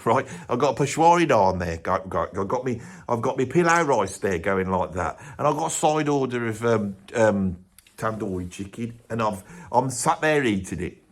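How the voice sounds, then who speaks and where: A man's voice: medium pitch, lively intonation, moderate pace, close to an everyday voice. A man voicing an opinionated older Birmingham bloke in his sixties, with a Birmingham accent, ranting in a comedic monologue full of swearing and stumbling restarts. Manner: blustering rant, swears constantly, stumbles and restarts. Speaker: comedy character ranting to camera.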